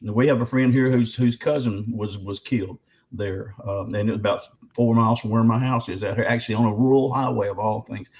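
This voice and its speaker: A guest author and Bigfoot researcher from Arkansas tells stories in a casual interview, rambling and emphatic, restarting often as his voice quivers slightly with emotion. His voice is lowish, steady, brisk, and dark in tone, and the lo-fi recording sounds a little dull.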